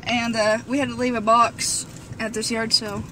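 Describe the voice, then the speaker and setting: Giggly high-voiced woman filming in a car. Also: little pitch movement, moderate pace, far from the mic, noisy background. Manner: giggly, joking. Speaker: DIY vlogger. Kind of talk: casual vlog chat. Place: inside a packed car.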